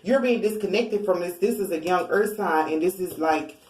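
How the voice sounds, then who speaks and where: Tarot reader woman, relaxed chatty delivery, a little off-mic in an echoey room. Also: lowish voice, moderate pace. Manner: chatty, informal, laughs often. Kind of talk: casual spiritual reading. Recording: roomy, a bit far from mic.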